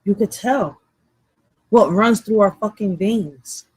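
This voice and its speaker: A woman's voice: medium pitch, takes it slowly, a little mellow, breathy edge, no echo. A woman co-hosting a casual talk show, blunt and swearing freely, laughing often. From Puerto Rican background, raised in Philadelphia. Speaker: co-host. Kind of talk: casual profane chat.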